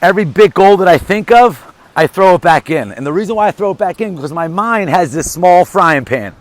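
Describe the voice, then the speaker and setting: A middle-aged man giving an energetic, emphatic motivational monologue, telling a short story in a casual vlog. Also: sits high, a little fast. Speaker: motivational vlogger.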